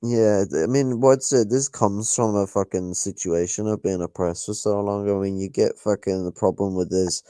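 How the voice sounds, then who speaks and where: An Irish man talks in a low, rambling way, padding his points with fillers and swearing freely. The sound is dry and close, with no room around him. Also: moderate pace, few pauses, mellow, smooth, no room sound. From Ireland. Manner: rambling, profane, many fillers. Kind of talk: casual political chat.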